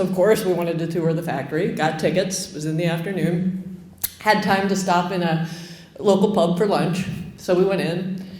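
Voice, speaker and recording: Animated woman storyteller. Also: fairly low pitch, roomy sound. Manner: lively, animated and comic. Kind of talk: live storytelling to an audience.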